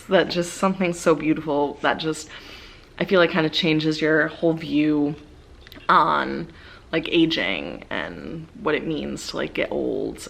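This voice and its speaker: Low, gravelly-voiced young woman rambling. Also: a bit bright, a little hiss or hum. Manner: rambling, many fillers, enthusiastic. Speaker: book vlogger. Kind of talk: casual rambling book review.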